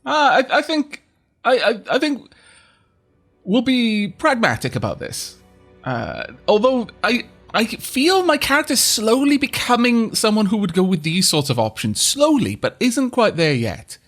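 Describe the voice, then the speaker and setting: A man's voice: high-pitched, sing-song, measured pace, a bit bright, soft background music. A man commentating his game stream, rambling and chuckling as he reads chat aloud. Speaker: gaming streamer.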